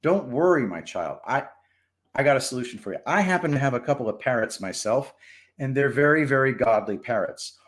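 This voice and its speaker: A fatherly priest calmly reassures a worried parishioner, as a man puts him on in a spoken joke. The delivery is soothing and unhurried. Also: mid-range voice, close to an everyday voice. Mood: reassuring. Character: calm, reassuring male priest.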